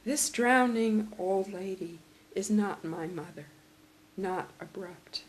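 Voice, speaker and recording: An older woman poet giving a poetry reading in a measured, reflective way. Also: medium pitch, poor audio. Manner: slow, measured and reflective delivery.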